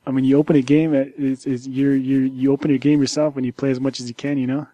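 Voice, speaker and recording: A man co-hosts a casual tech news podcast, talking in a loose, halting way that is full of restarts. His voice is mellow and warm, and it sits at a medium pitch. The recording is dry and close. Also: little pitch movement, no echo. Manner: rambling, halting, many restarts. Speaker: podcast co-host.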